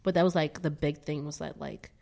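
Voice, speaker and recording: Young woman on a podcast, kinda low voice, swears a lot, laughs a bunch, goes off on tangents. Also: steady tone, a little fast, creaky, dark tone. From United States, Caribbean American family from Barbados. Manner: candid, swears freely, laughs often, tangents. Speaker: podcast guest. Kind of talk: casual chat.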